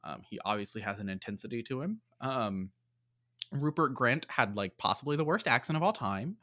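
Bright-voiced rambling man. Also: mid-range voice, expressive, normal speed. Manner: rambling, many fillers and likes. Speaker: podcast co-host. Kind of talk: casual movie review chat.

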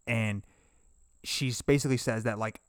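A man's voice: mid-range voice, fairly even intonation, smooth, dry recording, clean studio sound. A young man co-hosting a podcast, recapping a film in a laid-back way and often answering with "yeah". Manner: laid-back storytelling, quick "yeah" backchannels. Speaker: podcast co-host. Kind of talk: casual film discussion.

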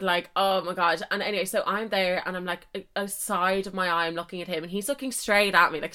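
Gushing young woman telling a story. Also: fairly low pitch. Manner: animated, gushing, lots of "like" and "so anyway". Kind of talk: casual storytelling.

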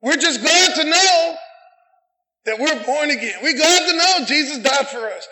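A middle-aged pastor preaching a sermon in a church, shouting passionately and calling on the congregation to say amen. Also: male voice, extremely high pitch, expressive, unhurried. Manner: impassioned shouted preaching with call-and-response. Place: church sanctuary. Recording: echoey church room.

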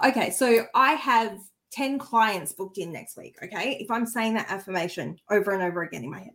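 A woman's voice: medium pitch, brisk, few pauses, fairly bright tone. A woman who works as a spiritual healer, chatting earnestly and with feeling on a podcast, often restarting her sentences. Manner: earnest and heartfelt, easily moved; chatty, with frequent restarts and asides. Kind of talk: casual conversational chat.

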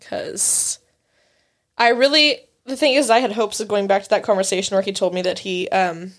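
A woman in her twenties co-hosts a casual chat podcast, speaking at medium pitch with fairly even intonation and a moderate pace. She's candid, swears freely, and acts out the voices of people in her stories.

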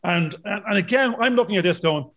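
A man's voice: high-pitched, lively intonation, a little fast, fairly bright tone. A man in his fifties, co-hosting a casual chat, rambling and self-deprecating. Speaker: podcast co-host.

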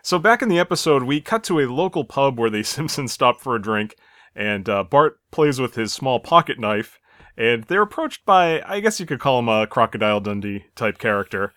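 A man's voice: mid-range voice, very animated, normal speed, a bit bright, no room sound, clean studio sound. An American man hosting a podcast in casual chat, easygoing, often chuckling and hedging with "I think". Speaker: podcast host.

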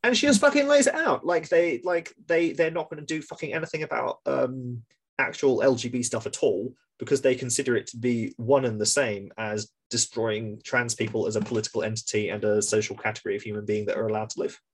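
A man's voice: medium pitch, a little fast, husky. A man co-hosting a podcast in casual political chat, swearing freely and stumbling over repeated words. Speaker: podcast co-host.

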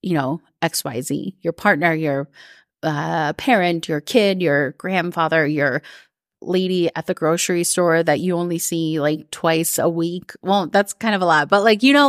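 A woman with a slightly low voice talks to her listeners in a loose, chatty way. She fills her sentences with "like" and coaches them toward what they want. The sound is dry and close, with no room around it. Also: no echo. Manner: chatty, lots of "like", quick put-on voices for others. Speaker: coach and podcast host. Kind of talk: casual live-recorded talk.

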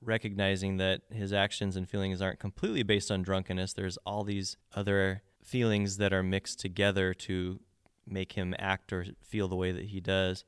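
A man with a low, clean voice talks through song lyrics in a casual podcast chat. He explains in detail and restarts his sentences often. The sound is close and dry, with no room echo. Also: completely flat delivery, normal speed, few pauses, clear, resonant tone. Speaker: podcast co-host. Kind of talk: casual album discussion.

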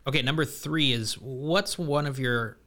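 A man's voice: medium pitch, a little slow, pushed and bright. A man hosting a casual fishing interview, asking questions in an easygoing way and giving lots of short affirmations. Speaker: podcast host, interviewer.

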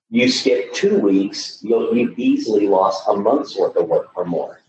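A man's voice: on the low side, mellow. A middle-aged man coaching loan officers in a podcast conversation, emphatic, with frequent restarts. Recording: echoey, dull, distant mic with faint noise.

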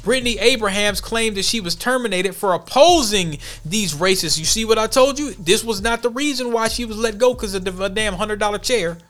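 A man's voice: high-pitched, fairly quick, hardly any pauses, a bit bright, soft background music. A man hosting a podcast, reading news stories aloud and commenting on them bluntly with slang. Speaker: podcast host.

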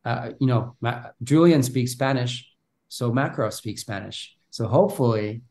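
Animated man with a Bulgarian background. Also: medium pitch, moderate pace. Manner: animated, repeats words when starting thoughts. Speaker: actor guest. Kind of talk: casual interview talk.

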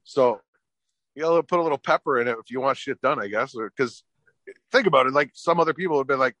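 A man's voice: mid-range voice, quick pace, no echo. A middle-aged man and podcast guest telling a story casually, swearing a lot and acting out what each person said. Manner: profane, animated storyteller acting out quotes. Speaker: podcast guest, business owner.

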